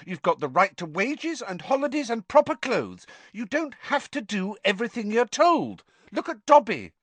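A man voicing an earnest, bossy teenage schoolgirl who talks in a brisk, lecturing way. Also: high-pitched, big pitch swings, pitched above the performer's own voice. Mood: exasperated. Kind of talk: audiobook character voice.

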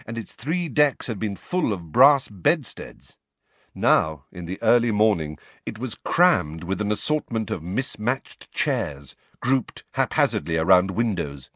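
Male narrator, low voice, lively expressive reading, dry studio sound. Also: unhurried, dry recording. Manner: expressive, varied delivery. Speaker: audiobook narrator. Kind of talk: scripted storybook narration.

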